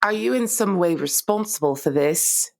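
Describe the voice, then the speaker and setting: A brisk, imperious woman doctor speaks with haughty, sharp-tongued authority, as a woman plays her. Her voice sits low. Her manner is commanding and clipped. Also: animated, creaky.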